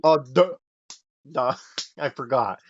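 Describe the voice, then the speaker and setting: A man co-hosting a casual comedy podcast, joking and swearing, laughing a lot and acting out shrill voices. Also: takes it slowly. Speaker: podcast co-host. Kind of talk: casual chat. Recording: dry, dull lo-fi mic.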